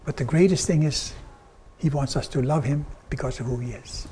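Older man preaching, mellow voice. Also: moderate pace, husky. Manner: earnest storytelling, quoting God and people in softer lower tones. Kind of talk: sermon with personal stories.

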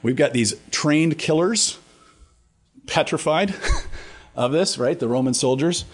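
A man's voice: fairly high pitch, slow, breathy edge. A man teaching a Bible study, talking conversationally with fillers and restarts, and reading scripture aloud with rising emphasis.

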